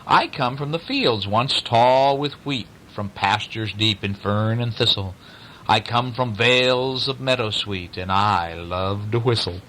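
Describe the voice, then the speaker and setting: A man voicing a gentle, polite little female songbird with a soft, musical way of speaking. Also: lowish voice, measured pace, background noise, natural voice.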